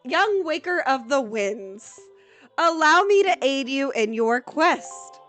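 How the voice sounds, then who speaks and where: A woman voicing a gentle female fairy spirit from a game, reading its lines calmly and plainly. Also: high voice, slow pace, soft background music, heavily acted. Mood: kindly.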